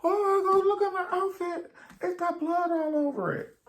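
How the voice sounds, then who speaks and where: A shrieking, panicked falsetto victim. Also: male voice, moderate pace, roomy sound, a little hiss or hum. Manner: hysterical falsetto squeals. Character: shrieking panicked person with bloodied outfit.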